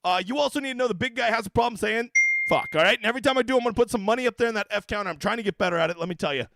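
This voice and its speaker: A man's voice: high-pitched, racing, gravelly, very noisy. A man hosting a fantasy golf livestream in a casual, profane, ranting way, with brash jokes aimed at his viewers. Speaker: daily fantasy golf streamer.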